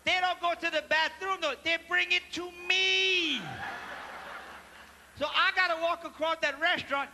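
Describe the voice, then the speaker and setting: A man with a Cajun accent telling comic stories on stage, animated and mixing in French phrases as he asks the audience questions. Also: extremely high pitch, measured pace, noisy background. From Louisiana. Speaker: stand-up comedian. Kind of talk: live stand-up storytelling. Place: large theater stage before a live audience. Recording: live theater recording with hall reverb and faint ambience.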